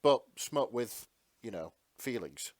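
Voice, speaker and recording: Podcast guy reading out a story all dramatic, then chatty, middle pitch, dry sound. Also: slow pace, no echo. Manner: reads dramatically, then chats with excitable laughs. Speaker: podcast co-host. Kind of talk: casual chat and reading aloud.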